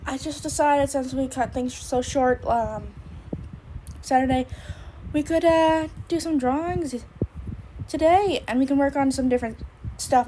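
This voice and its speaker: A woman's voice: high-pitched, warm tone, slight background noise, rough recording. A woman streamer with the hiccups, rambling casually and thinking aloud as she draws on a live stream. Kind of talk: casual drawing stream chat.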